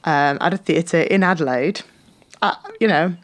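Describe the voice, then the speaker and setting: A woman's voice: sits low, normal speed. A woman co-hosting a podcast in casual, teasing chat, often laughing as she talks. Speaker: podcast co-host.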